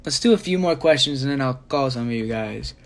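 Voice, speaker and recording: This young male singer has a mid-range voice and answers fan questions on a phone livestream, brisk and animated yet sleepy and yawning. He rambles casually, with plenty of filler words.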